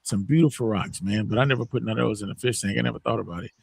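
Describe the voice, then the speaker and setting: Animated profane man telling a story. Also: on the low side, racing, gravelly, breathy edge, dry recording. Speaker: morning show host. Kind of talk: casual chat.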